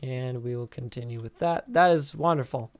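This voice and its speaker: This is a young man doing laid-back commentary as he builds in a game for his channel, sleepy and worn out. He chats and rambles with many fillers and restarts, his mid-range voice a little mellow at normal speed, recorded dry.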